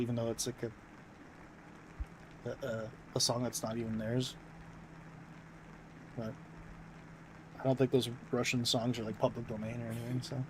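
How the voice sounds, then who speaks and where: A young American man chatting casually on stream in a mid-range voice, rambling and restarting his sentences with lots of fillers. A faint noise sits under his voice. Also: medium pitch. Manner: rambling, filler-heavy, self-interrupting.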